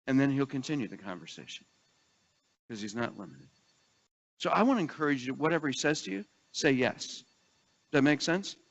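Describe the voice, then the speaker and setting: A man's voice: medium pitch, expressive, a little fast, pauses often, in a large hall, lo-fi sound. A middle-aged man preaching a sermon in a conversational storytelling way, acting out the people in his stories. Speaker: pastor.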